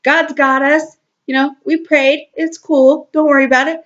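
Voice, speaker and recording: A woman voicing a breezy, carefree personified spirit that keeps reassuring everyone in a high, airy tone, in a slightly lo-fi home video. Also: level tone, moderate pace, fairly bright tone.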